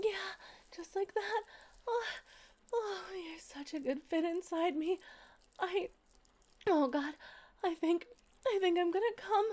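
A young adult woman speaks in a very high-pitched, breathy, affectionate voice as a loving female plush toy that has come to life, in an intimate audio role-play.

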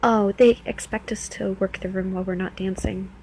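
A woman's voice: mid-range voice, steady tone, moderate pace, mellow, slight background noise, lightly acted, low-quality recording. A woman playing a teasing New Jersey club dancer. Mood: flirty teasing. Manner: playful, teasing, coaxing. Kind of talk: first-person audio role-play.

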